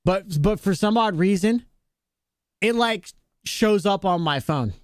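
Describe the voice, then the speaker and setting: A man's voice: sits high, animated, slow pace, no room sound, studio quality. A male streamer chatting casually with viewers, joking around, laughing often and greeting chatters by name.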